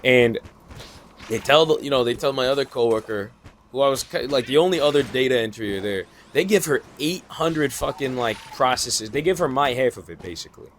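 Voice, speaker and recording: A man's voice: mid-range voice, lively intonation, brisk. A man rants casually about his day in a mid-range voice, frustrated and rambling, dropping curses and starting sentences over. A faint hiss sits behind him. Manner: frustrated, profane, rambling with restarts. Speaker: new data entry worker. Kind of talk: casual venting monologue.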